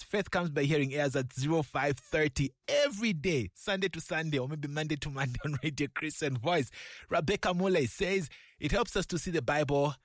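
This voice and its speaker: A man with a fairly high-pitched voice hosts a Christian radio show from a studio mic, sounding upbeat, effusive, warm-hearted and exclamatory. The recording is dry.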